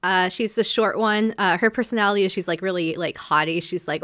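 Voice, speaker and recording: A woman's voice: on the low side, fairly bright tone. Chatty woman podcast host recapping anime. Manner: chatty, acts out characters' lines in quick asides. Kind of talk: casual chat recapping an anime.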